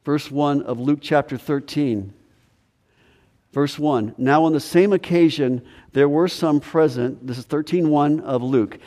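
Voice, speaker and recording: A man's voice: fairly high pitch, a little slow. Preaching man in a reverberant church. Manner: earnest preaching, repeats words, swings from loud to quiet. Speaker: pastor. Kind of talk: sermon. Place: church sanctuary. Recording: long hall reverb.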